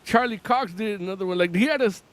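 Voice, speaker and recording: A man co-hosting a podcast in casual, rambling chat, swearing and laughing as he talks. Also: high-pitched. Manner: rambling, profane, laughs often, does quick impressions. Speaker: podcast co-host.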